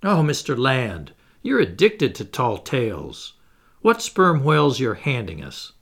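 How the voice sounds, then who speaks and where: A learned naturalist professor, patient and measured, gently lecturing his companions, as a man reads him in an audiobook. The voice is gravelly and rises and falls a lot. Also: medium pitch, huge pitch swings, full character voice.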